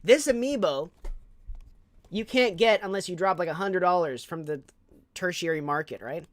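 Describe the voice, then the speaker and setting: Streaming, a young man from Southern California spins a casual story in a lively, chatty way full of fillers and side comments. He has a high-pitched voice and talks at normal speed.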